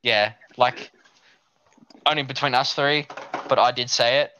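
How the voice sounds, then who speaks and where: A man's voice: mid-range voice, steady tone, a little slow, bright, forceful tone, slight background noise. A young man telling a rambling, sweary story in casual chat, acting out his younger self. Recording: dull lo-fi dry sound.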